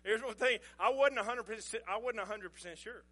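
Folksy preacher, bright voice. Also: male voice, sits high, a little fast. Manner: folksy, chuckling, conversational. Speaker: pastor. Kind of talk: sermon illustration storytelling.

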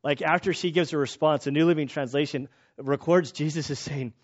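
Animated casual male preacher, dull recording. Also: a little high, brisk. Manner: casual, animated, self-deprecating jokes, many restarts. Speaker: pastor. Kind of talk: sermon. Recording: slightly dull lo-fi sound.

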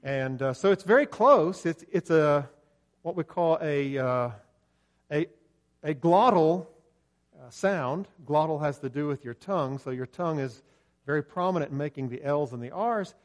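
A man's voice: fairly high pitch, animated, moderate pace. An older man with an Ohio River valley accent, preaching a sermon in a folksy, storytelling way, with many hesitations and fillers. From southern Ohio, USA.

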